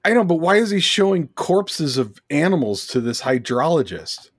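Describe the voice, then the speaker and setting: A man's voice: a little high, sing-song, moderate pace, dry recording, clean studio sound. Sarcastic man reviewing a movie. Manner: sarcastic, mocking; reads from notes, many fillers. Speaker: podcast co-host. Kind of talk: casual movie review chat.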